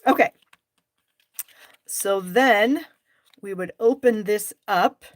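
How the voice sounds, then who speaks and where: A woman's voice: mid-range voice, slow, no room sound, clean studio sound. A middle-aged woman hosting a live stamping class, chatting with viewers by name and openly frustrated at her own mistakes. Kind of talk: live crafting demonstration.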